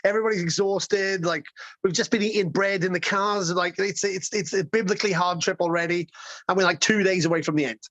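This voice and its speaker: High-voiced, excitable storytelling man. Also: a little fast, dry recording, highs cut off. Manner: excitable, profane, rambling with restarts. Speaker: guest storyteller. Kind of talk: casual road-trip storytelling.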